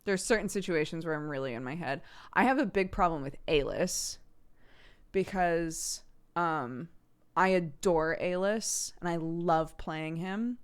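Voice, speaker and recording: A woman's voice: lowish voice, unhurried, clean tone. An American woman streamer in a rambling, self-reflective casual chat with her viewers, laughing often.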